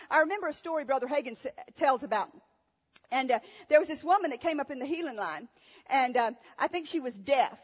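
A woman's voice: sits high, animated, a little fast. A woman preacher giving a sermon, asking rhetorical questions and telling stories with emphasis. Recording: echoey hall, dull sound.

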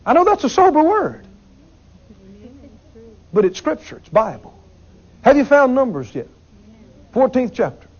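A man delivers a sermon with a high, lively voice. He talks emphatically, repeats himself and asks the congregation questions. The recording sounds dull and lo-fi. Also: a little slow, long pauses, breathy edge. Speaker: preacher.

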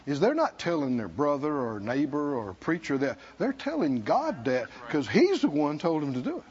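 High-voiced, animated male preacher. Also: normal speed, muffled recording. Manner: emphatic, shouting at peaks, laughing, call-and-response. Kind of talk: sermon.

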